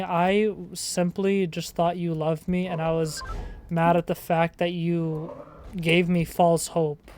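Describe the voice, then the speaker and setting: A man's voice: fairly high pitch, little pitch movement, takes it slowly, darkish tone, slight background noise. Rambling young man gaming and musing. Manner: rambling, slangy, swears, sudden startled outbursts. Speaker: gaming streamer. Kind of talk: casual gameplay commentary.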